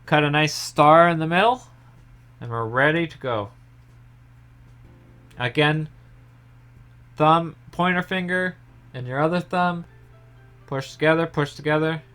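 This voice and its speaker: A young man in his home kitchen, calmly explaining each step of a pie recipe in a casual tutorial. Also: fairly high pitch, measured pace, pauses often, smooth, faint music behind. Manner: relaxed step-by-step explaining, trailing off softly. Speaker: home baker.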